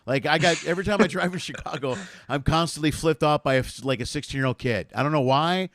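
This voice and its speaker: A man hosting a casual comedy chat, animated and foul-mouthed, acting out little bits as he goes. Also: fairly high pitch, quick pace, no echo. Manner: animated, swears freely, acts out bits. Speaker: host.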